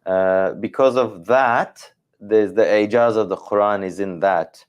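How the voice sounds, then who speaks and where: A man's voice: fairly low pitch, unhurried, lo-fi sound. A man teaching the Quran in a scholarly discussion, thinking aloud, hedging and correcting himself as he goes.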